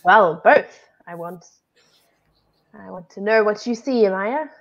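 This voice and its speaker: A woman from New Zealand with a New Zealand accent, co-hosting a live online English lesson, asking many questions and gently guiding. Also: medium pitch, expressive, unhurried, dull audio. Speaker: English teacher co-hosting a livestream.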